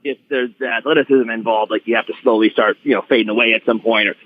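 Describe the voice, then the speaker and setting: A man guest on a podcast, telling stories in an animated, restart-filled way over a phone-like line. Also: mid-range voice, fast talker, no echo. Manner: animated storyteller, many restarts. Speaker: guest wrestler. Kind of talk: casual podcast chat.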